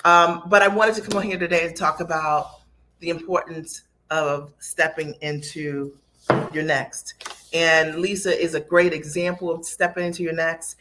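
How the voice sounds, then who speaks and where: A woman's voice: sits low, steady tone, a little slow, bright, forceful tone, a little hiss or hum. Middle-aged woman coach, chatty and gushing, talking straight to camera from her home office. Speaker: business coach. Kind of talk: live unboxing video.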